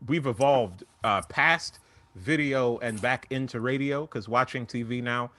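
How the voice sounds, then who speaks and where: A man performing a profane, animated stand-up set over a video call. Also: mid-range voice, a little slow. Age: adult. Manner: animated, profane storytelling with act-outs. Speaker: stand-up comedian.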